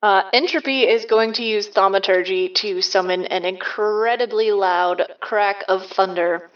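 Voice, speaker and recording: A woman's voice: medium pitch, a little slow. Woman player, dull distant sound. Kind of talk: playing a tabletop game.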